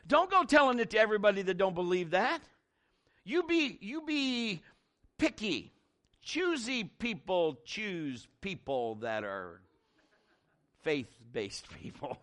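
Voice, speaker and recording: High, bright-voiced man preaching. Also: measured pace. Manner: animated, conversational preaching with lively pitch swings. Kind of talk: sermon.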